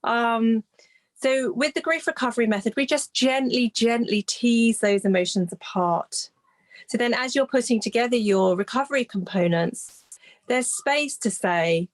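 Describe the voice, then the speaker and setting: Being interviewed as a grief recovery specialist, a woman explains things softly and reflectively, her voice on the high side. She pauses often, restarts and searches for words while keeping an even, gentle pace.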